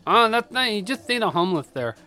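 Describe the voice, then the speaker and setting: A young man co-hosting a podcast, chatting casually and joking, quick to put on voices in his anecdotes. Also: high-pitched, very animated, pushed and bright, faint music behind. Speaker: podcast co-host. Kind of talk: casual chat.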